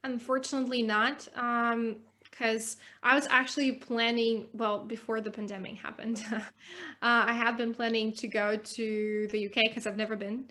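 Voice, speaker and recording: A woman's voice: fairly high pitch, little pitch movement, normal speed, pushed and bright. A woman, an English teacher, chatting candidly as a podcast guest and laughing easily. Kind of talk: casual conversation.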